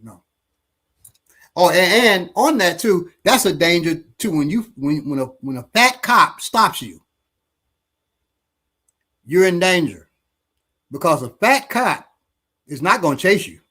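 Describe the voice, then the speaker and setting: Husky man telling a story, halting and relaxed. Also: sits high. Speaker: martial arts instructor. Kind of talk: casual storytelling in a panel discussion.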